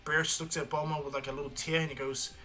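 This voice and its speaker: A man's voice: fairly high pitch, flat delivery, fast, pushed and bright, faint music behind. A man casually retelling a fan-made story in a loose, rambling way with many fillers.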